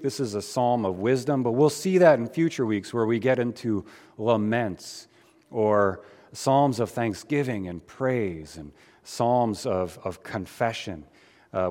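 A pastor giving a conversational sermon, with frequent fillers and restarts. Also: male voice, mid-range voice, animated, a little slow, warm tone, in a large hall.

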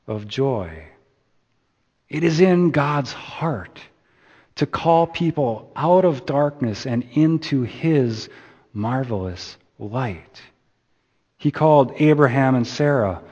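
Man preaching slow n low, dull sound with long hall reverb. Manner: slow, deliberate preaching with rising emphasis and soft endings. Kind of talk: sermon.

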